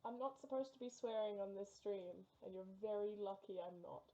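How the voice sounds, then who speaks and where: A young woman art streamer chatting live while painting, excitable and quick to exclaim and repeat herself. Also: mid-range voice.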